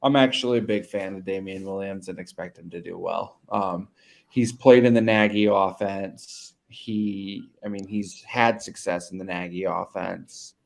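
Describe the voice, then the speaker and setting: A man's voice: low-pitched, steady tone, a little slow, vocal fry. A man co-hosting a fantasy football podcast over a remote call, talking casually and hesitantly, with many restarts. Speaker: podcast co-host. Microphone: remote call mic.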